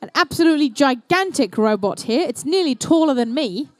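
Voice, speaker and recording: A woman's voice: high-pitched, lively intonation, fairly quick, no echo. A young woman doing live, playful, chatty commentary at an indoor competition. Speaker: event commentator.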